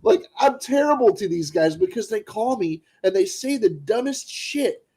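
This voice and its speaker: A man chatting casually on a livestream in an excitable, rambling way, cracking crude jokes and acting out phone calls. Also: high-pitched, normal speed, background noise. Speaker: streamer.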